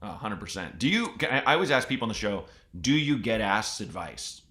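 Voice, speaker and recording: Animated bright-voiced man, podcast host. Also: lowish voice, a little fast. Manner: animated, rambling, restarts, does mocking voices. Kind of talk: casual podcast chat.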